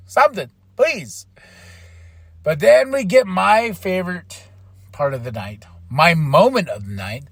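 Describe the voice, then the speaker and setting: A man's voice: sits high, fairly bright tone, slightly rough, dry recording, studio quality. A man hosting a podcast, recapping wrestling in casual, profane chat and mimicking wrestlers as he goes. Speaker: podcast host.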